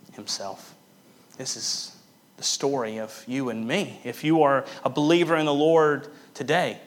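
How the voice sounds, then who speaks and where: A pastor with a medium-pitched voice preaches a sermon, swinging between loud, emphatic bursts and hushed, quiet passages. He repeats key phrases for emphasis.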